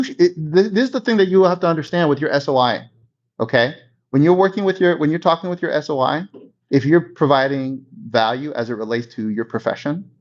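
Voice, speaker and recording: A man giving a conversational real estate coaching talk, often checking in with his listeners. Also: fairly high pitch. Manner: conversational, checks in with 'okay?' and 'right?'. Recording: dull lo-fi recording.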